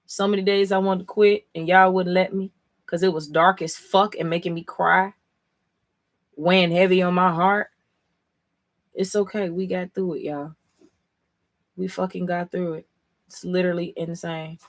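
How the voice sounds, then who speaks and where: A woman talking casually on a live stream, tired after a long session, excitable and full of swearing. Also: on the low side, normal speed, long pauses, no room sound. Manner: excitable, profane, emotional. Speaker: live-stream comic reader.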